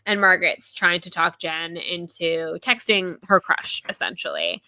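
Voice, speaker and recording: A chatty woman recaps a novel on her podcast, dropping in asides and playing out each character's lines. Her voice sits a little low but rings bright and sharp. The sound is close and dry, with no room around her. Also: unhurried, no echo, rough recording. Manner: chatty, gossipy, full of "like" and asides. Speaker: podcast host. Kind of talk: casual book chapter recap.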